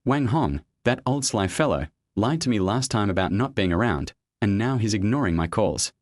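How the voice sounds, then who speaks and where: A man's voice: lowish voice, expressive, moderate pace, dry recording, close to an everyday voice. A man voicing an irritated wealthy woman in a storybook reading, complaining as she speaks.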